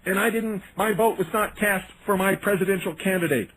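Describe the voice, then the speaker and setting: A man's voice: sits high, fairly quick, fairly bright tone, a little hiss or hum, voice pushed up, poor audio. A man mimicking a confused elderly woman voter in a plaintive, complaining tone.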